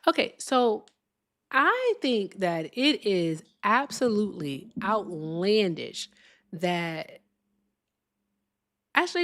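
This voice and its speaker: A woman hosting a live political stream, talking in an animated, emphatic way, swearing and slowing down to stress her points. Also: medium pitch. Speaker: livestream political host.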